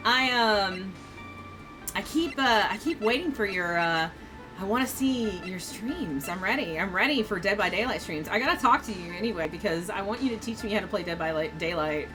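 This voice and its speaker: Bright, chatty woman streamer. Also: medium pitch. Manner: rambling, chatty, self-deprecating, with many fillers. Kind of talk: casual live-stream chat while playing a game. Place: home room, seated on her bed. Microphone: streaming microphone.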